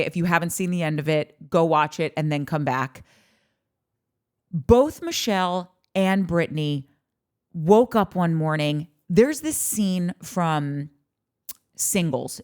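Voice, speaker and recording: A woman hosting a podcast, chatting casually and animatedly, swearing freely and breaking into acted-out quotes. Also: low voice. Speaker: podcast host. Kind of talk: casual commentary on a reality show.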